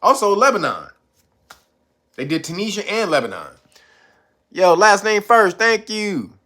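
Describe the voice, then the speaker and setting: A man's voice: high-pitched, sing-song, measured pace, pushed and bright. A man hosting a podcast, giving casual profane commentary, reading live chat, laughing often and mocking.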